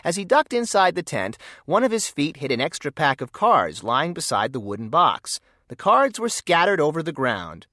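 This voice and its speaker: A storyteller reading a children's mystery aloud with expressive storybook delivery. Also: medium pitch, moderate pace, hardly any pauses, no echo, studio quality. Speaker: narrator.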